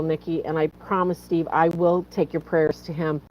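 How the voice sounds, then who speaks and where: A woman's voice: low voice, level tone, normal speed, highs cut off, a little hiss or hum. A woman hosting a faith live stream, tearful and fighting back tears as she earnestly pleads with viewers and greets them by name. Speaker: livestream host.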